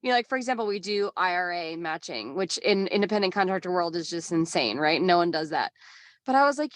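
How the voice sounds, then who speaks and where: A woman's voice: on the low side, animated, brisk, no room sound. A woman speaking as a podcast guest in a casual, candid way, with lots of "like". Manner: candid, chatty, peppered with "like". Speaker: podcast guest, business owner. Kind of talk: casual chat.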